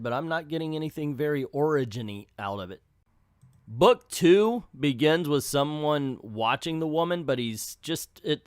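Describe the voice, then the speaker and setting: A man's voice: mid-range voice, no room sound, studio quality. Man casually recapping a comic. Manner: offhand and conversational, with fillers. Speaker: comic book video host.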